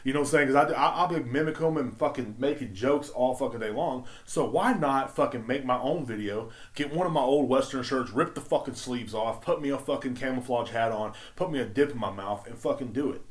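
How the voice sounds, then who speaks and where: A man's voice: mid-range voice, a little fast, few pauses. A man hosting his own podcast, ranting casually with heavy swearing and emphatic outbursts. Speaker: podcast host. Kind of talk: casual profane rant.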